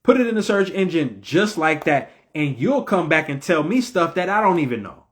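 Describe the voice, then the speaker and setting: Man, preachy and repetitive, fairly high-pitched, impassioned monologue. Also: sing-song, normal speed. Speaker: religious commentator.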